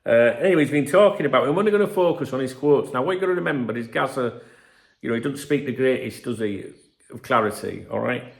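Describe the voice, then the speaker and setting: A man's voice: mid-range voice, fast talker, gravelly. A man in his fifties hosting a football channel, talking casually to camera in a rambling, chatty way, full of asides and the odd swear word. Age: 50s. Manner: rambling, chatty, peppered with "you know what I mean" and swearing.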